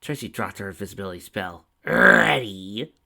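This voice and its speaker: Brief: male story reader, low-set voice with a bright, tense edge, steady delivery. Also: fairly quick. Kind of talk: reading fan fiction aloud.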